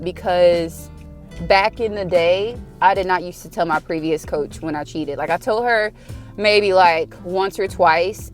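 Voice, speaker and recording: A young woman, vlogging in a loose, chatty way. She keeps saying "like" and "y'all" and sounds heartfelt and sincere. Soft music plays faintly behind her. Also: mid-range voice. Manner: chatty, says "y'all" and "like" often, heartfelt and faith-driven. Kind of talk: casual confessional vlog talk.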